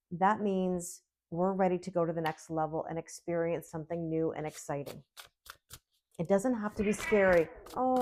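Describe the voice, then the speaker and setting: A woman's voice: on the low side, a little mellow. A middle-aged woman giving a casual tarot reading, chatty and reassuring, often checking in with the listener. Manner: chatty, reassuring, often asks "okay?" and "right?". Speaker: tarot reader.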